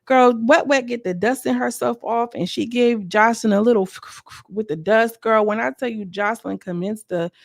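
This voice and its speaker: A woman's voice: on the high side, a little fast, vocal fry, no echo, studio quality. A woman giving casual, gossipy commentary as a YouTuber reviewing a reality show. She is chatty and sassy and talks straight to her viewers.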